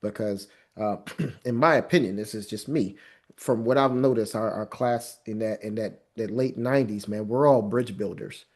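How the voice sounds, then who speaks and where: Encouraging low-voiced man hosting. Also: normal speed, darkish tone. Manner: encouraging, conversational with fillers. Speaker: host, coach. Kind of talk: casual interview chat.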